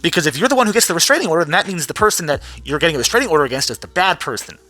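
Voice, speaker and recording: A man rants bluntly and sarcastically into the camera, with lots of swearing. His voice is bright and sits fairly high, with faint music underneath. He sounds worn out. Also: lively intonation, racing. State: tired. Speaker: vlogger. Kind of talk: casual profane rant.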